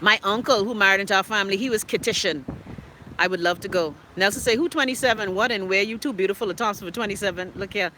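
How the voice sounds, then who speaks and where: Sharp-voiced woman chatting live outdoors. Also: mid-range voice, fast talker, a little hiss or hum, poor audio. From Bahamas. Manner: animated, teasing banter with viewers, reads comments aloud. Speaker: livestream host reading viewer comments. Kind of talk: casual live chat. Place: outdoors in a city street.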